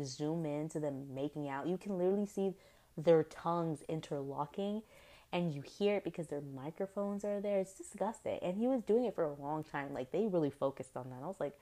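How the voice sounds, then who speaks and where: A woman's voice: sits low, brisk, warm tone. A young woman hosting a podcast, chatting casually about a TV episode with lots of fillers and exaggerated reactions. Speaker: podcast host. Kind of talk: casual TV recap chat.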